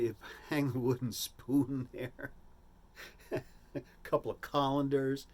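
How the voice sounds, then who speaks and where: An older man telling a humorous personal story in a rambling, animated way, full of asides and restarts. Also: medium pitch, slow pace, long pauses.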